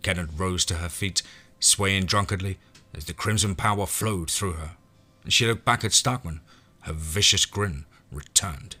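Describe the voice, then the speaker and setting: Deep-voiced man narrating a horror story. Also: unhurried, breathy edge. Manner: steady, dramatic first-person storytelling.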